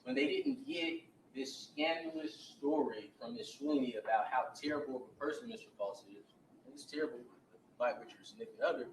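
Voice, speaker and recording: A man's voice: mid-range voice, very animated, brisk, slight background noise. A man working as a defense attorney gives an opening statement to a jury, retelling events and acting out the quoted dialogue. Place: courtroom. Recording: echoey courtroom audio from a distance.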